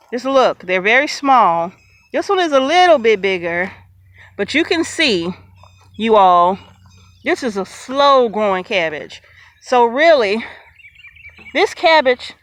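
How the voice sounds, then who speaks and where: A woman giving a chatty, excited tour of her outdoor vegetable garden, talking straight to her viewers and laughing easily. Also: on the high side. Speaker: homesteader showing her garden. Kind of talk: casual garden tour vlog.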